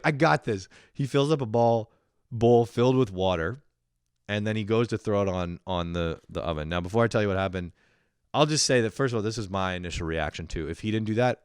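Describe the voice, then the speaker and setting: A young man in his twenties hosts a podcast, telling a rambling story and ranting comedically with constant swearing and laughter. His fairly low, smooth voice is captured in a dry, clean studio recording.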